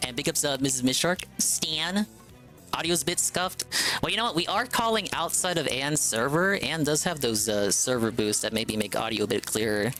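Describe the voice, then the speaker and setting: A man's voice: mid-range voice, normal speed. Hyped up guy streaming live, rambles a lot, trips over his words, faint music behind. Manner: excitable, rambling, lots of fillers and restarts. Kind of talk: casual live stream chat.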